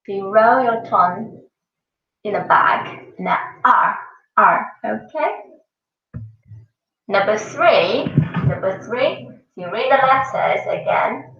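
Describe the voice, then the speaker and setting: A Mandarin teacher leads a school classroom lesson slowly and patiently, repeating each sound several times. Her fairly high voice has lively intonation and a gravelly edge. She's captured from far away across an echoey room on a dull-sounding mic.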